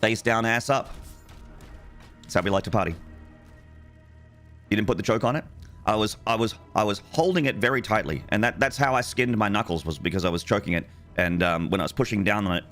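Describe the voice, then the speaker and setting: A man's voice: fairly low pitch, fast talker, faint music behind. Joking forty-year-old man streaming a game. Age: 40s. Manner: joking, crude, excitable outbursts. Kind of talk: casual gameplay chat with chat room.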